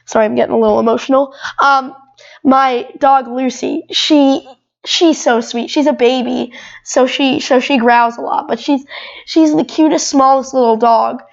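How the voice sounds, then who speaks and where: A woman's voice: sits high, fairly even intonation, moderate pace, gravelly, muffled recording. A twelve-year-old girl who is a guest on a podcast. She chats casually and rambles, with lots of "like" and restarts. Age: 12 years old. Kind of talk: casual chat.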